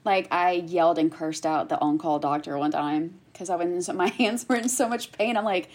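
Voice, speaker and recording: A woman's voice: lowish voice, normal speed. A woman in her thirties, a guest on a casual podcast, telling her story with lots of laughter and acted-out quotes. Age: 30s. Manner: animated storyteller, laughs often, acts out quotes. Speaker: guest, cancer survivor.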